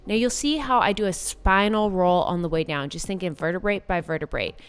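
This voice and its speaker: A woman's voice: on the low side, fairly quick, clean tone. A young adult woman narrating a casual workout vlog, breezy and chatty, with lots of "like" fillers. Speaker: fitness vlogger.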